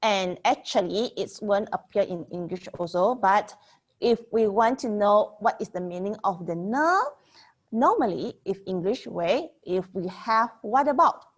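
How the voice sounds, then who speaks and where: A young woman teaching Mandarin grammar in an online lesson, explaining slowly and checking in with "okay?" as she repeats example sentences. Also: medium pitch, animated.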